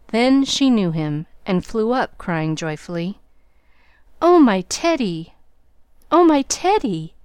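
A woman narrating a classic novel in a measured, even storytelling manner. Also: medium pitch, smooth, no echo, studio quality. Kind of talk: audiobook narration.

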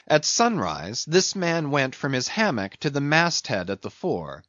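A man reading a classic novel aloud with measured, expressive storytelling. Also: mid-range voice, dry recording, lo-fi sound. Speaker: audiobook narrator.

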